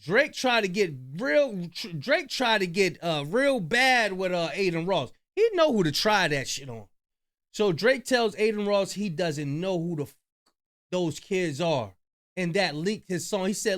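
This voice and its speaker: A reaction channel host talks loosely about the clips he plays, using slang and profanity in casual commentary. His voice is high, expressive and fairly bright, at a moderate pace.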